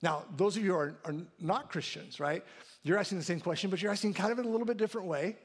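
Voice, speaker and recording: Man, pastor, higher-pitched voice, casual sermon delivery with frequent "right?" tags. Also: fast talker, slightly rough. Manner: conversational preaching, frequent "right?" and restarts. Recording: church sanctuary.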